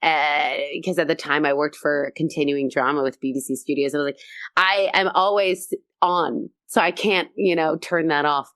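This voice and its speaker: A woman comedian chatting as a podcast guest, telling animated stories and acting out quotes, swearing freely. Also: low-pitched, moderate pace, no echo, clean studio sound. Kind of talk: casual podcast chat.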